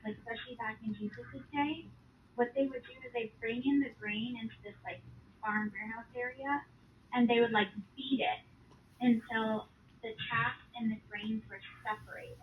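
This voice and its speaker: A woman's voice: fairly high pitch, steady tone, normal speed. Earnest woman on a tinny phone line. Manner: earnest, urgent when quoting, loose and filler-heavy when explaining. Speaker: Christian speaker sharing a vision. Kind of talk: casual spoken testimony. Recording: tinny phone-like audio with faint background noise.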